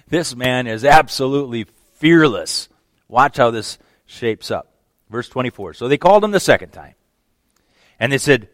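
A man preaching a verse-by-verse sermon in a conversational, animated way, acting out the scenes. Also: mid-range voice, a little slow, long pauses, no echo. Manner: animated, conversational, acts out the text. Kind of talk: expository sermon.

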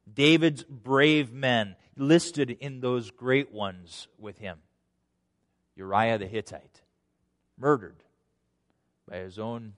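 A man preaching a sermon, dropping to a hush and then rising loud and high for emphasis, acting out scripture voices. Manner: dramatic swings from hushed to loud, voicing scripture quotes. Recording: long hall reverb.

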